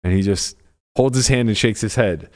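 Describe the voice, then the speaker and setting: A man's voice: fairly low pitch, normal speed, a little mellow. A young man on a podcast, casually telling a poker story, swearing freely and acting out both sides of the hand. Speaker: podcast co-host.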